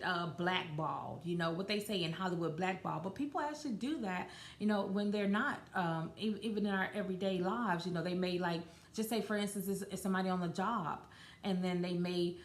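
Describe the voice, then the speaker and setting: A woman hosting a podcast on her own, talking in a loose, conversational way with lots of fillers and restarts. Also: lowish voice. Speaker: podcast host. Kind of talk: casual solo podcast talk. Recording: roomy echo.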